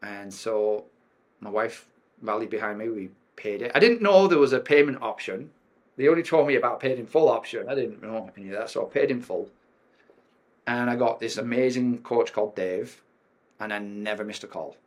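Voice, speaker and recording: A man's voice: lowish voice, animated, normal speed. A middle-aged man with an English accent, a podcast guest telling a personal story frankly, with frequent ums and restarts. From England. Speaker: podcast guest, performance coach.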